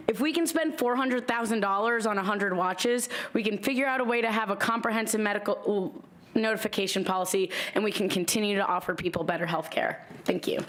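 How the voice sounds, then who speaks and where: A woman's voice: medium pitch, fairly bright tone. A woman making an earnest, pleading public comment at a board meeting.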